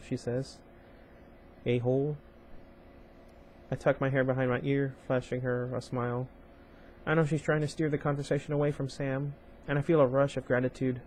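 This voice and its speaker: A man's voice: medium pitch, flat delivery, moderate pace, darkish tone, slight background noise. A man hosting a casual read-aloud of a young adult novel. He reads the story plainly and often breaks off to chat with his viewers. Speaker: channel host reading a novel aloud.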